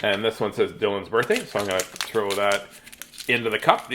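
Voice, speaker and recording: A man's voice: lowish voice, expressive, moderate pace, fairly bright tone, slight background noise. A middle-aged man chatting playfully with young viewers at home and reading a storybook aloud. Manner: chatty, playful, rambling, greets viewers by name. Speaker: children's storybook reader. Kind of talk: casual live-stream chat and read-aloud.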